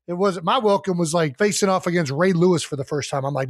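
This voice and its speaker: High-pitched man, casual podcast host. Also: no echo, clean studio sound. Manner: casual, lots of "like", quick laughs. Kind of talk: casual chat.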